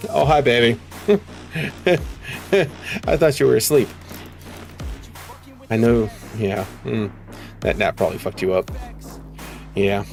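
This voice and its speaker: A man's voice: lowish voice, lively intonation, slow, gravelly, long pauses, a little mellow, faint music behind. A man streaming games, chatting casually, swearing freely and laughing in disbelief. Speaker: gaming streamer.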